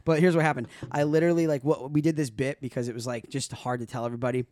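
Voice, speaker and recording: A man hosting a podcast in a studio, telling stories in a lively, profane way and acting out the scenes. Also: medium pitch, racing, no room sound. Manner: animated, profane, acts out scenes. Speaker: podcast host. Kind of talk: casual podcast storytelling.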